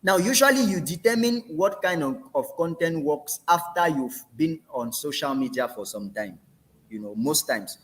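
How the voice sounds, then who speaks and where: A man leads a training session in a fairly high, lively voice that rises and falls a lot. He repeats key phrases for emphasis and drops in casual asides as he explains. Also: normal speed.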